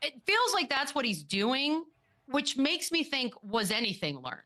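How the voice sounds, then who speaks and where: A woman's voice: high-pitched, sing-song, unhurried, bright, forceful tone. A woman co-hosting a sports talk show, musing with some hesitation.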